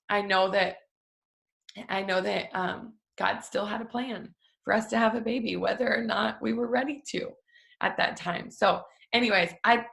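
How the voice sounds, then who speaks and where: A young woman hosts a devotional from her family home, speaking about faith in a casual, emotional, filler-heavy, chatty way. Her medium-pitched voice is a bit bright with vocal fry, and the recording has a roomy echo.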